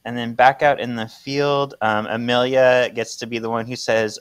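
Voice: medium pitch, level tone, moderate pace, smooth. A podcast co-host recapping a story in casual chat, laughing and acting out each character.

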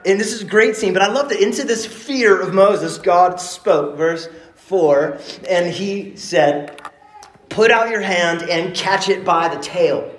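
A man from East Texas preaching a sermon in a casual, animated, joking way. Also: sits high, roomy sound. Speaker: pastor.

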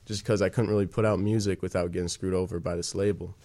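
A young man with a fairly low voice talks about his music in a relaxed chat. He trips over his words, restarts, and leans on fillers. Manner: halting, many fillers and restarts. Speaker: guest musician. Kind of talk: casual chat.

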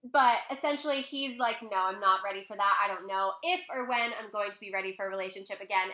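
A young woman vlogger telling a personal story in a casual, chatty way at home, full of fillers and animated quoting. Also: medium pitch, fast talker, few pauses, roomy sound. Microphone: laptop mic, close.

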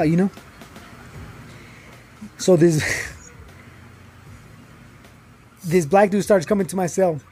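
A young man, telling a personal story in casual talk, animated and full of fillers, acting out the people he quotes. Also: high-pitched, normal speed, long pauses, slight background noise. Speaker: guest telling his story.

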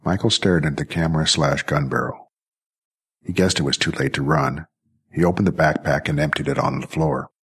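A man reading a science-fiction story aloud as narrator, with steady, even storytelling. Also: rumbling low, moderate pace, slightly rough. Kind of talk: scripted audiobook narration.

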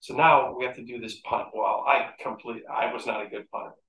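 A man telling stories from his playing days in a casual interview, animated, acting out quotes and laughing often. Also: medium pitch, brisk, a little hiss or hum. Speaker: interview guest, former athlete. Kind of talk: casual storytelling. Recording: echoey room.

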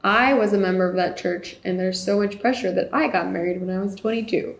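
A woman's voice: mid-range voice, brisk, creaky, echoey room, low-quality recording. A woman hosting a casual chat, upbeat, steering the talk on to the next topic. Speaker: host.

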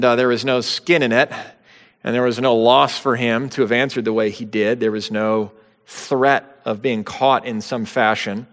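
A man's voice: mid-range voice, a bit bright. Man preaching in a reverberant hall. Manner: conversational teaching with bursts of dramatic quotation. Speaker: pastor. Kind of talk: sermon.

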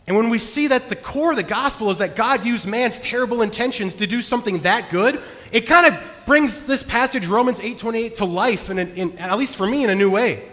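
Man, pastor, sermon, high voice, earnest, hushed to emphatic, long hall reverb. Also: a little fast.

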